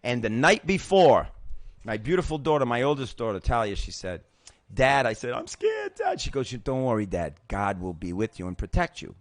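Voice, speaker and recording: A man's voice: medium pitch, moderate pace, no echo. Middle-aged guy telling his story, swears a lot, voice jumps all over, super dry close sound. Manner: emotional, profane, animated retelling with acted-out voices. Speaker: host. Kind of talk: casual personal storytelling.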